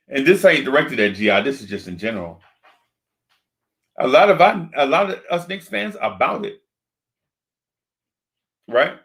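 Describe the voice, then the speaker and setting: A man hosting a sports fan talk stream into a desk microphone. He rants in an animated, repetitive way and keeps yelling the same rhetorical questions. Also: fairly high pitch. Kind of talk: live-streamed fan rant.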